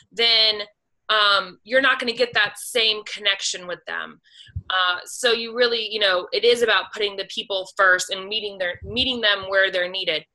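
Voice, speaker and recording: A woman leading a coaching team call, steady and encouraging, with frequent "you know" and "um". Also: mid-range voice, poor audio.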